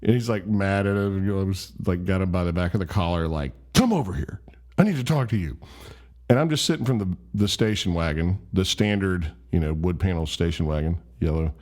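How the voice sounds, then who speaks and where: A man's voice: low voice, brisk, few pauses, a little mellow. A man casually telling a rambling, self-deprecating story. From Memphis, USA. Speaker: vlogger.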